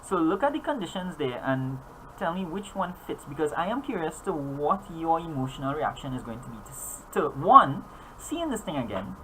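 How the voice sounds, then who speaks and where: A man's voice: fairly high pitch, sing-song, normal speed, few pauses, sharp tone, a little hiss or hum, poor audio. Rambling man running a tabletop game. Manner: rambling, many fillers and restarts. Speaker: game master.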